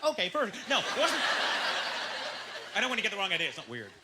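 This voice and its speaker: A man from Canada doing a stand-up comedy set on a club stage, animated and slipping into silly voices. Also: high voice, fast talker. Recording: loud club crowd noise behind.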